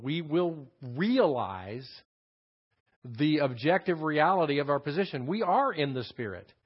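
A man with a Texan accent teaching a Bible passage as a pastor. He explains the Greek words and repeats his key phrases. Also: fairly high pitch. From Texas. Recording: dull lo-fi sermon recording.

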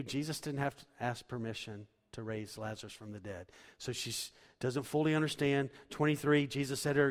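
A man preaching a sermon, reading scripture and explaining it, at times building to loud emphatic passages. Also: medium pitch, steady tone, brisk, few pauses, long reverb tail. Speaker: pastor.

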